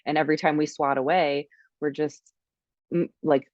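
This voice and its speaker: Woman co-host, encouraging, flat dull sound with no room. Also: sits low, normal speed, no echo. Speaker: podcast co-host. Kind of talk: podcast conversation.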